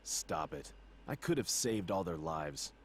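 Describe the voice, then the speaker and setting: An actor playing a hardened, bitter mecha pilot in a video game, speaking curtly. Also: male voice, sits low, sing-song, unhurried, slight background noise. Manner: curt, guilt-ridden.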